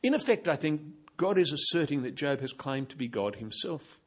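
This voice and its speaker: A man's voice: on the high side, sing-song, normal speed, breathy edge, dull audio. A man giving a Bible teaching, explaining passages and pointing his listeners to verse after verse.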